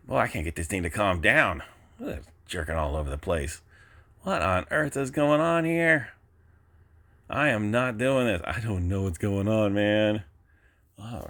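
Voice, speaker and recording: A man's voice: on the low side, a bit bright. A man giving live, frustrated self-talk as he flies a drone, exclaiming often. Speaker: drone hobbyist vlogger. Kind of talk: live commentary while flying.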